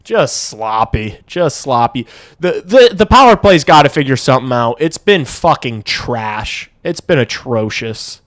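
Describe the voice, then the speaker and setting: A man's voice: on the high side, lively intonation, normal speed, few pauses, fairly bright tone, dry recording, clean studio sound. Young man chatting on a hockey stream. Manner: rambling, swearing, laughing storyteller. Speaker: livestream host. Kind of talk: casual hockey watch-along chat.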